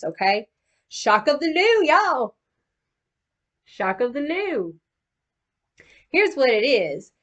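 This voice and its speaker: A woman's voice: a little high, lo-fi sound. A woman giving a casual tarot card reading in a slangy, profane, chatty way, calling the listener boo-boo. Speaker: tarot reader.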